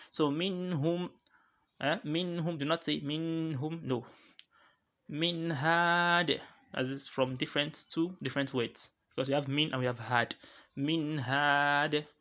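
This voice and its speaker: Male recitation teacher, bright tone, halting explanations, slow drawn-out examples, dull lo-fi recording. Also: mid-range voice. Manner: halting, with restarts, slowly drawing out each recited example. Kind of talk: explaining tajweed rules to students.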